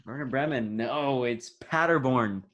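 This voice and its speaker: A teenage man runs a quiz on a casual sports podcast, recorded over a video call. His voice sits at a middle pitch. He teases his friends in an upbeat way. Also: unhurried, fairly bright tone, muffled recording. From United States. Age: teens. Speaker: podcast co-host and quizmaster.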